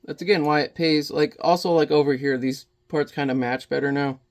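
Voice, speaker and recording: A man's voice: a little high, fairly even intonation, fairly quick. A man chatting casually while he paints in watercolor, rambling and muttering to himself as he works.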